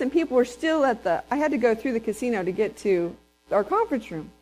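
A woman preaching a sermon in a slightly high voice. She tells stories with energy, acts out what people said and puts questions to the congregation. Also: moderate pace, rough recording. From Texas. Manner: lively storyteller who acts out quotes and asks the congregation questions. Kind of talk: storytelling sermon.

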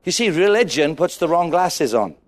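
A man preaching a sermon to a congregation, animated and asking them questions. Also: fairly high pitch, moderate pace. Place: church with a congregation.

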